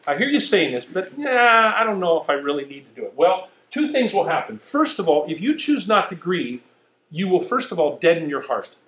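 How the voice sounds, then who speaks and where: A middle-aged man preaching a sermon, telling stories in an animated, self-mocking way. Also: high-pitched, moderate pace, roomy sound, poor audio. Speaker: pastor.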